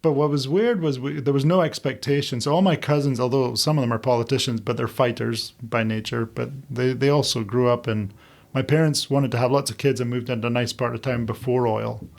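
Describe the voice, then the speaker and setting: A man speaks as a podcast guest in a gravelly, mid-pitched voice. He tells his stories with animation and mimics the people in them as he goes. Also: a little fast. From Scotland. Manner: animated storyteller, acts out quoted voices, laughs often. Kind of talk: casual interview chat.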